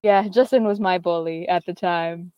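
A woman's voice: lowish voice, steady tone, normal speed, no room sound, muffled recording. A teenage girl chatting casually, telling a long story full of fillers and quoted back-and-forth. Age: teens. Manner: rambling, filler-heavy, quotes others. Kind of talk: casual chat.

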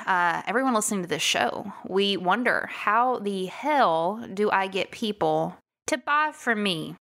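A woman with a Texan accent hosting a solo podcast, talking to her listeners in an energetic, emphatic, casual way. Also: mid-range voice. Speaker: podcast host.

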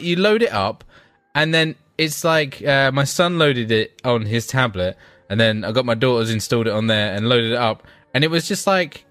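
A man with young kids, co-hosting a casual podcast, telling stories in a sweary, excitable way. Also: mid-range voice, normal speed, no room sound, soft background music. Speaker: podcast co-host. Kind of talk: casual banter.

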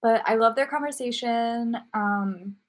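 A young woman co-hosting a casual chat, relaxed and opinionated, with lots of filler words. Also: a little high, measured pace. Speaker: podcast co-host. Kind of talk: casual chat about anime.

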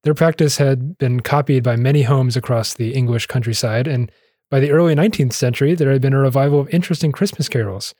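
A man's voice: medium pitch, quick pace, darkish tone, no room sound, clean studio sound. A man co-hosting a casual history podcast, chatty and jokey, laughing often between facts. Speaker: podcast co-host.

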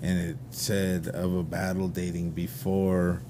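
A man's voice: low-pitched, level tone, measured pace, warm tone, a little hiss or hum. A middle-aged man with a Minnesotan accent, chatting casually as a podcast guest and telling rambling stories full of fillers. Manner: rambling storyteller, many fillers. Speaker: band leader and guest.

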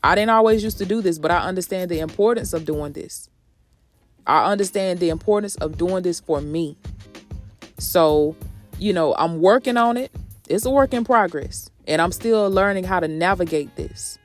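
A woman hosts a motivational podcast in a sassy, preachy style, calling her listeners sis and honey. Her voice is fairly low and her pace normal, with faint music behind her.

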